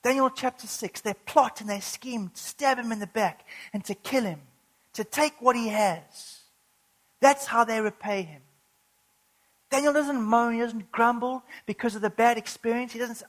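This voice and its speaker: A woman preaching a sermon, earnest, building to urgent emphasis and slowing down when reading scripture. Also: on the high side, poor audio.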